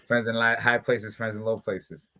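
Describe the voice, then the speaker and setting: A man's voice: on the low side, little pitch movement, unhurried, pushed and bright. A man, a fighter being interviewed, telling stories in a loose, casual way and often breaking into laughter. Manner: laughs often while talking. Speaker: bare-knuckle fighter, interview guest. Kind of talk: casual storytelling.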